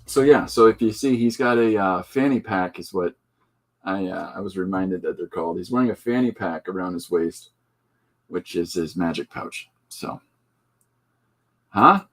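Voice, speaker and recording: Rambling husky-voiced man. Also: low-pitched, normal speed, darkish tone. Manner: rambling, joking, with many fillers and asides. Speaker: comic artist and podcast host. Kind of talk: casual rambling chat while showing artwork.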